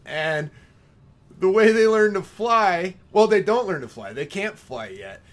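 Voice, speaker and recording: A man's voice: high voice, expressive, unhurried. A man co-hosting a podcast, chatting casually and telling rambling, joking stories. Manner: joking, rambling storytelling with restarts. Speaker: podcast co-host. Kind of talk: casual chat.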